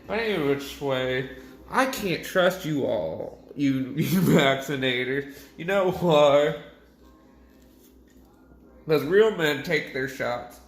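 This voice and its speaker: A man's voice: a little high, animated, slow pace. A drunk young man rambling crudely to camera, swearing and laughing at his own jokes. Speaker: vlogger. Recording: echoey room.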